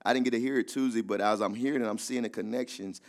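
A man's voice: mid-range voice, fairly even intonation, quick pace. A man preaching a sermon in an emphatic, conversational style. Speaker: pastor.

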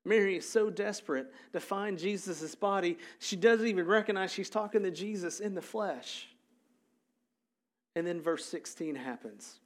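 A man preaching a sermon who tells the story in a relaxed, conversational way. He is full of asides and fillers, and his voice sits a little higher than most men's. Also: normal speed. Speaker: pastor.

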